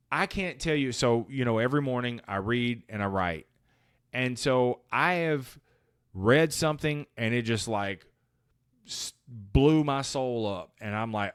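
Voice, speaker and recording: A man's voice: mid-range voice, smooth, dry recording, clean studio sound. Emphatic man hosting a motivational podcast. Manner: casual, emphatic, slangy, acts out inner voices. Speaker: podcast host.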